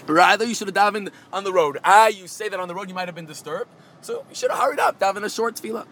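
High-voiced man teaching a Talmud class. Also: big pitch swings, pushed and bright. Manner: halting, with many repeated filler words. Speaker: Torah teacher. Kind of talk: Talmud lesson, translating Hebrew and Aramaic phrase by phrase.

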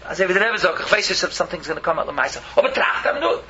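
A man's voice: high voice, huge pitch swings, racing, hardly any pauses, pushed and bright, dull audio. A man preaching an impassioned sermon, pleading and fiery, weaving Yiddish and Hebrew words into his English.

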